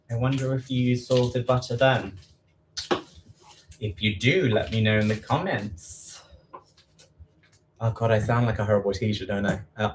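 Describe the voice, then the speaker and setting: A chatty man with an East London accent talks through a live home baking stream, repeating measurements and poking fun at himself. His voice sits at an ordinary middle pitch. Faint noise and kitchen clicks run underneath. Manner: chatty, self-deprecating, repeats quantities aloud. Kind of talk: casual live baking chat.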